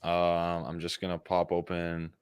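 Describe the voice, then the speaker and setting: A man's voice: deep voice, monotone, moderate pace, clean tone, dry recording, lo-fi sound. A man hosting a livestream, chatting loosely and hyping his viewers with profane banter. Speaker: livestream host. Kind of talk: casual livestream chat.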